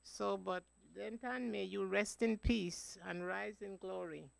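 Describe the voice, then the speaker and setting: A woman giving a slow, rambling remembrance speech about her cousin at a funeral. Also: mid-range voice, steady tone, gravelly, dry recording. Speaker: eulogy speaker, cousin of the deceased. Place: funeral home.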